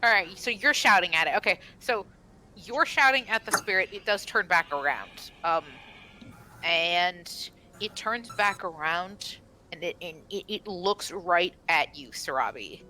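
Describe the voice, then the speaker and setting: A woman's voice: lowish voice, expressive, a little slow, bright, forceful tone, slight background noise, low-quality recording. A woman narrating as game master of a tabletop game, rambling with frequent restarts.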